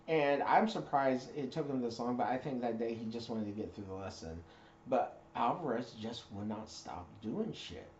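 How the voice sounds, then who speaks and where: A man's voice: mid-range voice, a little mellow, slight background noise. A man telling a casual story, rambling with lots of fillers and self-corrections. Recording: roomy dull recording.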